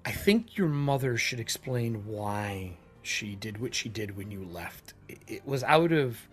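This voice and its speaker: A man narrating as game master of a tabletop game in a halting way. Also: on the low side, big pitch swings, fairly bright tone, faint music behind.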